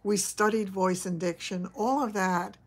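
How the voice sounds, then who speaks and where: An older woman with a New York accent, talking in an unhurried, drawn-out way. She chats casually with her livestream audience, laughing easily and clearing her throat now and then. Her voice sits in an ordinary middle pitch. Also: fairly even intonation. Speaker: vlogger host, former actress. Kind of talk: casual livestream chat reading viewer comments.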